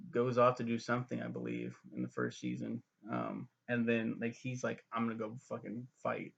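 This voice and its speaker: A man's voice: mid-range voice, creaky, slightly rough. A young man casually recapping a TV show, rambling and profane, with lots of fillers and corrections. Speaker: TV reviewer. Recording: dull lo-fi recording.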